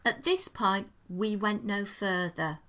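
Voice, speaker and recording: A woman tells a podcast co-host all about a restaurant visit. Her voice is bright and forward, and she talks in an easy, enthusiastic way, painting each detail as she goes. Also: medium pitch, takes it slowly. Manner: chatty, descriptive, enthusiastic storytelling. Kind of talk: casual chat, restaurant review.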